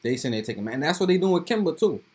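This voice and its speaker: A man's voice: on the high side, big pitch swings, racing, darkish tone, slightly rough. A man from Brooklyn, casually riffing in slangy, rambling reaction commentary. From Brooklyn, New York. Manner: slangy, rambling, keeps tossing in "bro" and "you feel me". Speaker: reaction video host.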